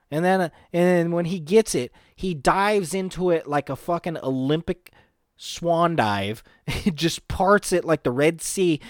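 A chatty man riffs in a loose, profane way and breaks into laughs between thoughts. His voice sits a little high for a man. The sound is dry and close, with no room around it. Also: expressive, normal speed, no room sound. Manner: profane, rambling, laughs often. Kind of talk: casual crude commentary.

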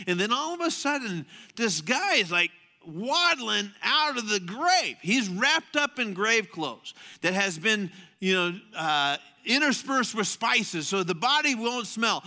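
A male preacher delivers his weekly sermon in an animated storytelling manner. His voice sits high and sounds sharp and very bright. He swings between raised emphasis and quiet, confiding asides. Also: unhurried, hardly any pauses. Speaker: pastor.

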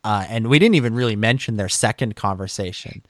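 A man's voice: lowish voice, brisk, no echo, studio quality. A man co-hosting a podcast in casual discussion, talking hesitantly with many fillers and restarts. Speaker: podcast co-host.

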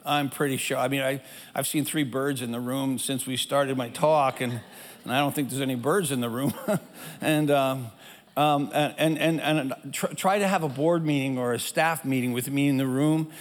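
A man's voice: medium pitch, fairly even intonation, normal speed. An older man preaching, telling a rambling, self-deprecating childhood story with lots of restarts, in a church hall. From German family. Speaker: pastor. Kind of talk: storytelling sermon. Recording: echoey hall with music behind.

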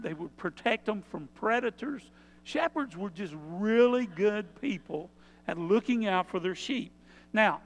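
A man's voice: sits high, a bit bright, long reverb tail. A male pastor preaching a sermon, explaining in a plain, conversational teaching tone.

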